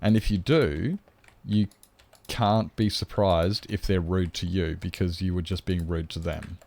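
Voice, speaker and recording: A man's voice: sits low, measured pace, darkish tone. An Australian man chatting bluntly and swearing to viewers during a casual live stream. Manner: blunt and sweary, rambling, chats to viewers while gaming.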